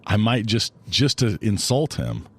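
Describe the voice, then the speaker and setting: A man's voice: on the low side, sing-song, a little slow, a bit bright, a little hiss or hum. A man co-hosting a movie podcast, teasing and laughing in casual banter. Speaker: podcast co-host. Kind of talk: casual chat.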